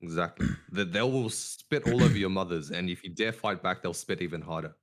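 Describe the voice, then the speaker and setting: A man hosting a casual podcast, talking deliberately with a downward inflection at the ends of his sentences, over an online voice call. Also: deep voice. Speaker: podcast host.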